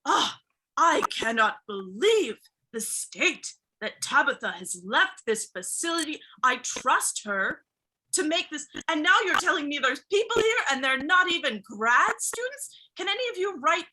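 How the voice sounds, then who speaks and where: A woman's voice: sits high, sing-song, unhurried, noisy background. A woman voicing a big, anxious male orc scientist who stammers and frets. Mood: exasperated. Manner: flustered, stammering, exasperated.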